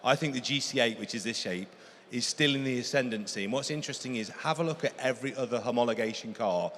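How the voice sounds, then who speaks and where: An English man talks quickly and eagerly about cars, offering expert advice to the auction audience. His voice carries the reverb of a large hall, with faint room noise behind. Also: mid-range voice, a bit bright. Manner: enthusiastic, knowledgeable advice. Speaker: car expert commentator. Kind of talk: expert commentary.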